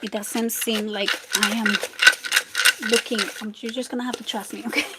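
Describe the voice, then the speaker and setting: A woman hosting a live crafting tutorial, chatty and relaxed, talking to viewers while she works. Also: on the high side, normal speed, very noisy. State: a bit out of breath. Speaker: craft channel host.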